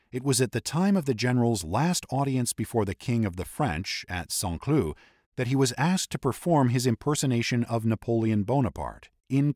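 A man's voice: lowish voice, a little mellow, no room sound, clean studio sound. A man narrating a history podcast in a scripted, explanatory storytelling manner.

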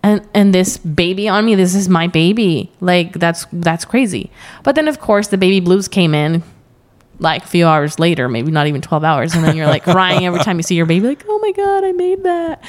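A woman's voice: lowish voice, fairly quick. A young adult woman chatting as a podcast guest, telling a story with lots of quoted asides and frequent laughter. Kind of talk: casual interview chat.

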